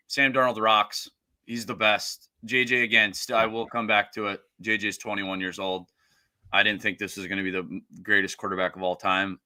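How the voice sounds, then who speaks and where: A man's voice: fairly low pitch, bright, forceful tone, no echo. A man co-hosting a sports podcast, talking bluntly and with plenty of swearing, exasperated with his team. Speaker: podcast co-host. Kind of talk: casual sports chat.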